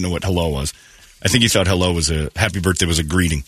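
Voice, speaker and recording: A man's voice: sits low, steady tone, fast, fairly bright tone, breathy edge, no echo, clean studio sound. A man hosting a morning radio show, telling rambling, jokey stories in casual chat. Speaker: radio host.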